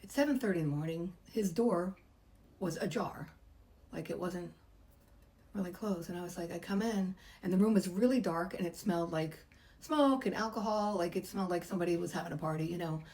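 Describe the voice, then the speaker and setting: Woman, middle-aged, slightly low voice, chatty personal storytelling, acts out quotes. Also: brisk, a little mellow, poor audio. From United States. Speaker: massage therapist.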